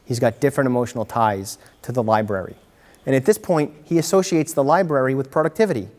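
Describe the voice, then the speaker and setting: A man presents a workshop to a room of parents, animated and quick to act out little scenes. His voice sits in a middle pitch and carries a long hall reverb. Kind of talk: lively workshop talk to parents. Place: meeting room. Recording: hall reverb from a community-TV taped talk.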